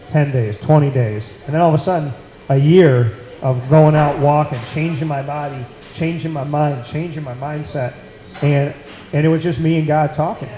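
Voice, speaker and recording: A man with a Central New York accent talks earnestly on a casual talk show. His voice sits a little high but sounds dark and mellow. The room around him is echoey. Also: fairly even intonation, moderate pace. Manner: earnest, emphatic, repeats phrases for weight. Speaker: podcast host.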